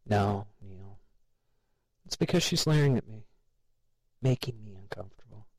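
A man's voice: on the low side, lively intonation, moderate pace, low-quality recording. A man voicing a nervous, defensive office worker in a story reading, anxious and pleading.

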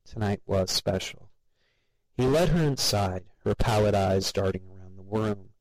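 Low-voiced man telling a story. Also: unhurried, a little mellow, no echo, poor audio. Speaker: narrator. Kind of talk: storytelling narration.

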